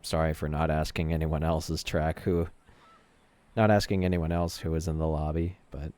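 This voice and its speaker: A man hosting a racing game playlist, commenting casually, relaxed and chatty with frequent laughs. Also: extremely low pitch, moderate pace, dry recording. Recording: game noise under the voice.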